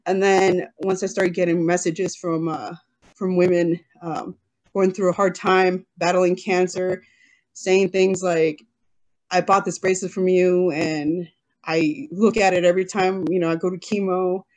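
A woman's voice: fairly low pitch, flat delivery, a little slow, darkish tone. A woman in her thirties, a business owner being interviewed, talking casually and emotionally, often quoting herself, on a video call. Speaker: guest, jewelry business owner.

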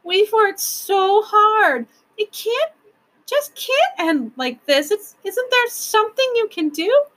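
A woman voicing a tearful young girl who pleads in a high, wailing voice during a storybook reading. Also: very animated, slow, a bit bright, full character voice. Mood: pleading.

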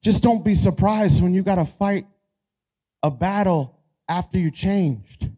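A young adult man preaching a sermon as pastor, animated, rising to shouts and acting out quoted voices. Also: sits high, unhurried. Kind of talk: energetic sermon.

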